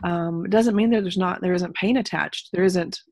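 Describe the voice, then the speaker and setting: A woman from Texas with a lowish, gravelly voice tells a personal story in casual conversation. She rambles with frequent ums and restarts and speaks sincerely about her faith. The recording is close and dry. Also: moderate pace, a little mellow, no room sound. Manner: rambling, many ums and restarts, laughs between thoughts. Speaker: guest telling her story.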